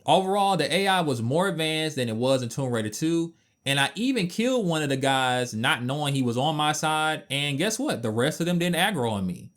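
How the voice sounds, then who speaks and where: Male game reviewer reading a scripted voice-over; somewhat high pitch, very expressive, playful and mock-indignant. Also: a little fast. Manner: animated, playful asides and mock outrage.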